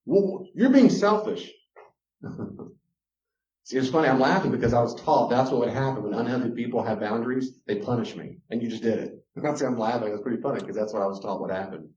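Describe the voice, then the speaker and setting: Lively man teaching in a roomy space. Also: medium pitch, fast, hardly any pauses. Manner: lively, acts out quoted voices, chuckles often. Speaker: Christian teacher on relationships. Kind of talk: teaching talk with acted-out examples. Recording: roomy, dull lo-fi recording.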